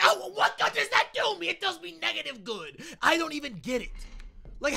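A young man chatting casually on a gaming livestream, reacting loudly and thanking viewers for donations. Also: sits high, slight background noise. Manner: excitable, loud outbursts, reads out donations. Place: home.

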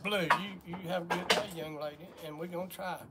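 A man's voice: fairly high pitch, steady tone, quick pace, noisy background. An older man from Georgia with a Southern accent, folksy and chatty, greeting viewers on a live stream while coughing from sore lungs. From Georgia, USA. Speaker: livestream host. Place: outdoors on a porch work site.

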